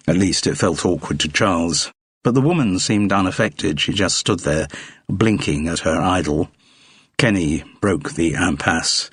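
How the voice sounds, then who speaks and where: Husky deep male audiobook narrator. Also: unhurried, a bit bright, dry recording, studio quality. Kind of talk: scripted narration.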